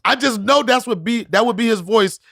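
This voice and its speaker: A middle-aged man, a guest comedian, telling stories in podcast chat, animated and acting out voices with frequent laughter. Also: very high-pitched, a little fast, vocal fry, no room sound, clean studio sound. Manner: animated storyteller, acts out voices, laughs often.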